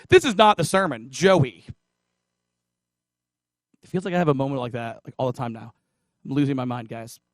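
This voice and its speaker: A man preaching in a relaxed, conversational sermon. He jokes and drifts into asides to his listeners as he retells a parable. His voice sits a touch high and sounds close and dry. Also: moderate pace, pauses often, dry recording. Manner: chatty and joking, asides to the congregation. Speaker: pastor.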